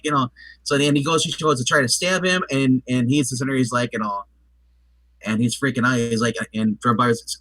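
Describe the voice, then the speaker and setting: A man talks through a film in loose, rambling chat, stacking fillers and restarting his sentences. His voice is bright and clear. The sound is dry and close, with no room echo. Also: mid-range voice. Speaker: movie review co-host. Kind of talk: casual chat.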